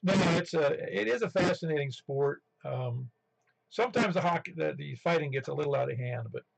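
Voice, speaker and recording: A man's voice: fairly high pitch, animated, a little fast, vocal fry, slightly rough. A man from western New York chatting on a ham radio net, telling rambling stories full of restarts. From western New York, near Buffalo. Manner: rambling storyteller with many restarts. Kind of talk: casual radio chat. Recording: muffled radio audio.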